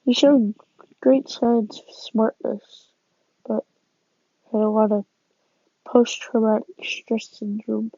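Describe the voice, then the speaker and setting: A woman casually narrating a fan story, halting, with sighs and restarts. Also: fairly high pitch, steady tone, warm tone, no room sound. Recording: dull lo-fi sound.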